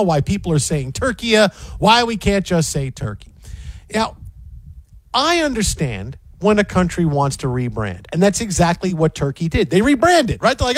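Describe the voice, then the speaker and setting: Animated high-voiced radio host. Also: male voice, dry recording. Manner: animated, joking, talks over others. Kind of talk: sports radio banter. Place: radio studio. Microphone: studio mic.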